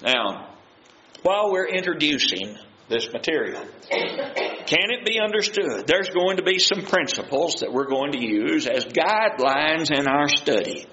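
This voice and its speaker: A man's voice: a little high, lively intonation, measured pace, sharp tone. A man teaching a Bible study in sermon style, earnest and folksy, asking the listeners questions and answering them himself. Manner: plain, folksy paraphrase of scripture. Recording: roomy, dull sound with faint noise.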